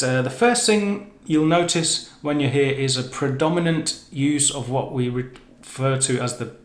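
A man's voice: on the high side, echoey room. A man explaining the features of a language in a chatty, self-correcting way, with frequent restarts. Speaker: language teacher. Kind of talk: educational explainer. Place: living on the Canary Islands.

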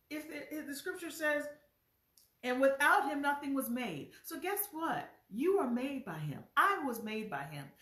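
A woman preacher delivers an earnest, emphatic sermon. Her voice sits fairly high. The sound is roomy and a little distant, as if she stands back from the microphone. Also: fairly bright tone. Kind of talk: devotional sermon teaching. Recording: echoey room, voice from off mic.

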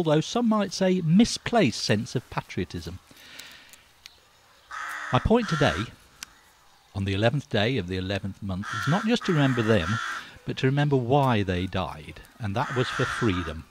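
A man's voice: mid-range voice, sing-song, moderate pace, background noise. An older man, giving a wry, grumbling opinion monologue as a vlogger. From Britain.

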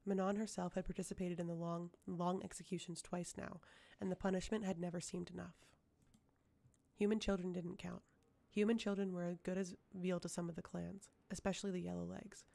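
A woman reading a fantasy audiobook aloud with a low, dark voice and plenty of gravelly fry. Her narration is measured and even. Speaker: audiobook reader.

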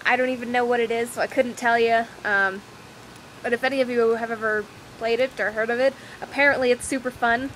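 A young woman rambles through a casual daily vlog while walking outdoors on a windy day. Her voice sits a little high, she jumps from topic to topic and teases herself, and faint outdoor noise runs underneath. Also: fairly even intonation, brisk, a bit bright, poor audio. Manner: rambling, scattered, self-deprecating. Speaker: vlogger. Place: outdoors on a windy, rainy walk. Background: wind and outdoor ambience.

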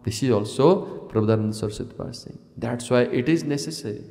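A man's voice: medium pitch, brisk, creaky, warm tone. A man giving a devotional lecture, asking rhetorical questions and chanting verses. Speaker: spiritual teacher. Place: ashram hall. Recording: echoey hall reverb.

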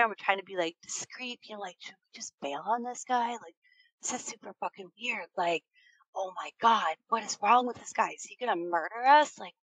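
A woman's voice: on the high side, sharp tone, no echo, rough recording. A woman in her thirties telling a frightening true story in a casual, rambling way, full of fillers and swearing. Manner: tense, keyed-up retelling.

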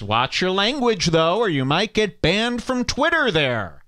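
A man with a high, bright voice rants through a comedy podcast, swooping wildly up and down as he mocks and insults people in the clips he plays. His tone stays sarcastic and cutting throughout. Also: sing-song, slow pace, few pauses. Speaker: podcast host. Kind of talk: ranting comedy commentary over clips.

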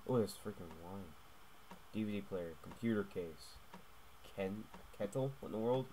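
A young man playing a stealth game and commenting as he goes, jumping between hushed muttering and loud yelps and tacking "mate" onto his lines. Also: on the low side, moderate pace, slight background noise. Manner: excitable, swings from hushed muttering to yelling, keeps adding "mate". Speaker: gaming YouTuber. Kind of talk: let's play commentary.

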